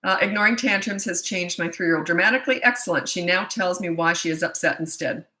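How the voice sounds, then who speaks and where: A woman's voice: lowish voice, brisk, bright, forceful tone. A middle-aged woman parenting coach, answering viewer questions in a blunt, chatty way with storytelling asides. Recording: echoey room.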